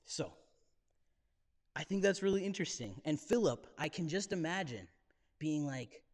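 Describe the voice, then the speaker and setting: Guy pastor giving a chatty sermon, high voice bouncing all over, cracking little jokes, long echo of a church hall. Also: animated, moderate pace, a little mellow. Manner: casual, jokey storytelling with slang. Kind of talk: conversational sermon.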